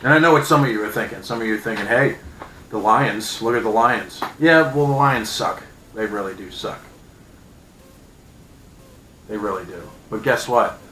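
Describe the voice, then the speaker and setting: A man's voice: lowish voice, normal speed, pauses often, slight background noise. Angry 30s guy ranting about his team, cussing a lot, echoey room. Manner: furious, profane, sarcastic, with loud outbursts. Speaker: vlogger. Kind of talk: angry sports fan rant.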